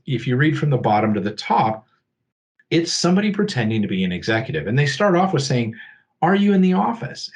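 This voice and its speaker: Male presenter, mid-range voice, relaxed explanatory talk-through. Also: medium pitch. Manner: explanatory, often checks in with "okay?" and "right?"; acts out scammer and victim lines in a livelier voice. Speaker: security awareness presenter. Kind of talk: conversational presentation.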